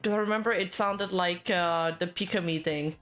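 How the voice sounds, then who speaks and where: A woman's voice: fairly low pitch, moderate pace, a bit bright, faint music behind. A woman giving casual, rambling commentary on internet news, full of fillers and self-corrections.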